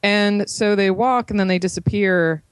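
An earnest speaker in a casual film discussion, building up a point with pauses and many fillers. The voice sits at a middle pitch and is recorded dry, with no room sound around it. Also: steady tone, dry recording, poor audio.

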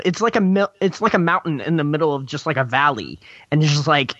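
A man co-hosting a casual film discussion, ranting in an animated way with lots of "like" and restarts. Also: fairly high pitch, brisk, few pauses, no echo, lo-fi sound. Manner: animated ranting, heavy use of "like". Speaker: podcast co-host.

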